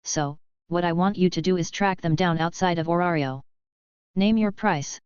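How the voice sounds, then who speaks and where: A woman's voice: lowish voice, normal speed, a little mellow, smooth, dry recording, highs cut off, close to an everyday voice. A woman voicing a confident young man who leads his group, speaking bluntly and in a businesslike way.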